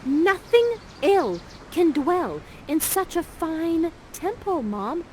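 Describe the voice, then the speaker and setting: A woman's voice: very high voice, measured pace, slight background noise, voice pushed up, low-quality recording. A woman voicing Miranda, a lovestruck young girl who gushes in a squealing, swooning voice. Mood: pleading.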